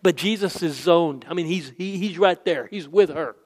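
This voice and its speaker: A man's voice: fairly high pitch, normal speed. A man preaching a casual, conversational sermon, acting out Bible scenes in quoted voices. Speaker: pastor.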